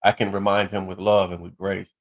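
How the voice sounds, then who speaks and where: A man's voice: deep voice, flat delivery, brisk. A man co-hosting a faith-based relationship talk, earnestly advising other men. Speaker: co-host.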